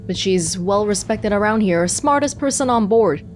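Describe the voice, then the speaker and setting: A woman's voice: mid-range voice, animated, moderate pace, slight background noise. Chatty woman gamer commenting. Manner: chatty, amused asides. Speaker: let's play gamer. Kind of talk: casual gameplay commentary.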